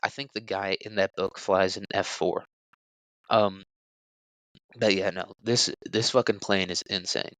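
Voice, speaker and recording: A man's voice: deep voice, little pitch movement, a little slow, fairly bright tone, no room sound, rough recording. A young man hosting a solo podcast, rambling crudely with jokes and lots of fillers. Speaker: podcast host. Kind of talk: casual solo podcast talk.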